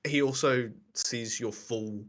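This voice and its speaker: A man's voice: medium pitch, slow, a bit bright. A young man co-hosting a podcast, chatting casually in a rambling, slangy way. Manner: rambling, slangy, laughs often. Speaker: podcast co-host. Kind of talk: casual chat.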